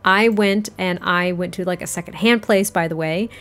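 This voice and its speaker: A woman's voice: on the low side, close to an everyday voice. A woman voicing Kingston, a devoted and tender young man who talks earnestly and stumbles over his words. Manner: soft, earnest, halting with restarts. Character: tender adult man, devoted loving partner.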